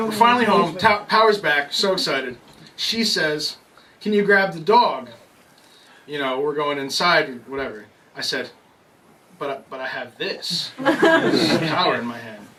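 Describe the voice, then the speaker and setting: Young guy doing standup at a bar, swoopy voice, laughs at himself, far off noisy recording. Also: medium pitch. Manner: animated storytelling, laughing at his own jokes. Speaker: stand-up comedian. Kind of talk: stand-up comedy set. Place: bar comedy night. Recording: distant mic with loud noise and crowd.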